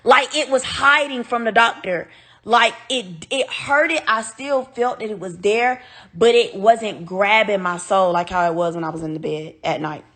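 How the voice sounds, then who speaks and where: A woman telling her viewers a personal story, animated and blunt, swearing freely and sounding upset and near tears. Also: medium pitch, normal speed. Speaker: vlogger.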